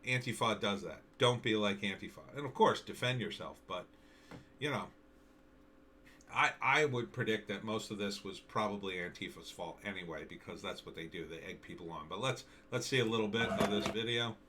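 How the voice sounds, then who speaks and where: Alone at his mic, an American political commentary vlogger reacts to news and videos over slight background noise. His fairly low voice is bright and forceful, and he sounds indignant, halting with restarts and repeating the same point again and again.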